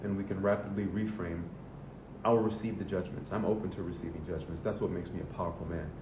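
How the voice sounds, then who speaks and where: A man's voice: fairly even intonation, fast, distant mic. A man, a men's coach from the Southern US, giving a casual, earnest motivational monologue and swearing freely. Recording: echoey room with rumbling noise.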